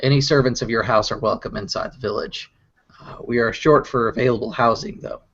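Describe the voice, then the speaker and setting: A humble village elder, formal and deferential in every word, as a game master puts him on. His voice is mid-pitched and carried over a muffled, lo-fi online call. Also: a little fast, a bit bright, breathy edge.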